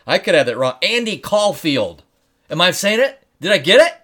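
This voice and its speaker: A man's voice: sits high, big pitch swings, quick pace, fairly bright tone. A man co-hosting a podcast, rambling and correcting himself as he chats and jokes. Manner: rambling, self-correcting, joking. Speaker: podcast co-host. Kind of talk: casual chat.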